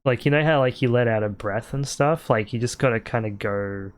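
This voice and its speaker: A man's voice: mid-range voice, fairly quick. A man as a podcast guest, rambling casually with many "like"s and "uh"s. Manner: rambling, heavy use of "like" and "uh". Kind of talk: casual chat.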